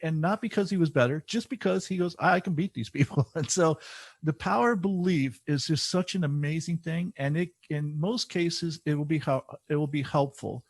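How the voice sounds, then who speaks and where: Male podcast host, gravelly voice with fry, dry close recording, thoughtful and unhurried. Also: a little high, dry recording. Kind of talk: casual interview conversation.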